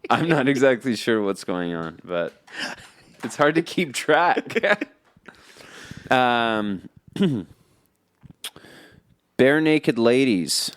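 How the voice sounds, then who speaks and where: A man's voice: medium pitch, sing-song, extremely slow, long pauses. A man co-hosting a podcast in casual chat, rambling and laughing, often slipping into movie lines. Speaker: podcast co-host. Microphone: remote call.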